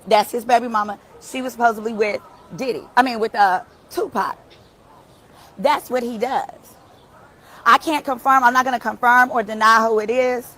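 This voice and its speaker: A woman's voice: fairly high pitch, fairly bright tone. A woman giving casual live commentary from outside a trial, indignant, emphatic and profane.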